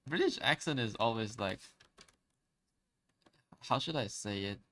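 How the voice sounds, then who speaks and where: A man's voice: mid-range voice, expressive, slow pace, pushed and bright. Hesitant man chatting on a stream. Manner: hesitant, stammering, searching for words. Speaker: art streamer. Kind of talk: casual live-stream chat.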